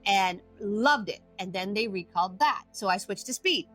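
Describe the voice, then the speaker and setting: A woman's voice: mid-range voice, expressive, moderate pace, a bit bright, soft background music. A middle-aged woman telling her story casually as a podcast guest, acting out quotes with animation. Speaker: guest, addiction coach.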